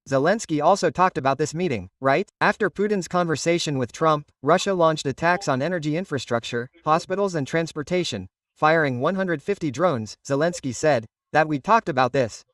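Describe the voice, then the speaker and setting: A man's voice: a little high, normal speed, fairly bright tone, no room sound, studio quality, recorded from a distance. A man giving opinionated news commentary in an emphatic way, often tagging his points with "right?". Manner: emphatic, keeps asking "right?".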